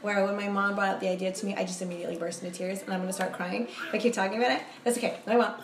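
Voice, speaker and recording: A woman's voice: medium pitch, steady tone, very fast, a crowd in the background. A young woman chatting casually as a podcast guest, giggly and rambling, telling confessional stories. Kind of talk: casual chat. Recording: roomy echo, faint background noise.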